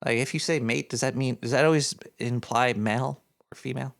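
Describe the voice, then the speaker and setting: At medium pitch, with fairly even intonation and a fairly quick pace, a man speaks in a creaky, fairly bright tone. He's voicing a paranoid male cartoon rat hosting a radio show, reading donations in a scatterbrained live-stream ramble with joking asides.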